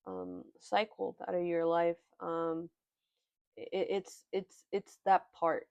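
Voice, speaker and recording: A young woman giving a tarot reading in an earnest, halting way, often moved by what she says. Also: fairly low pitch, sing-song, creaky, darkish tone, smooth, no room sound, lo-fi sound. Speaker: tarot reader. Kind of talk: pick-a-card tarot reading.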